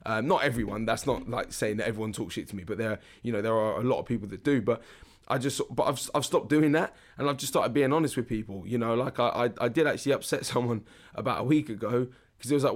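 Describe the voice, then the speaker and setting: A man with a husky, mid-range voice talks fast while hosting a casual podcast as a fitness coach. He speaks frankly and rambles, with plenty of restarts and filler words.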